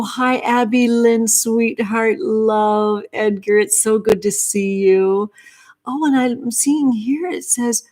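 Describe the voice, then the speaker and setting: A woman hosting a casual livestream, chatting playfully and greeting viewers by name with gushing affection. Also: mid-range voice. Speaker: livestream host.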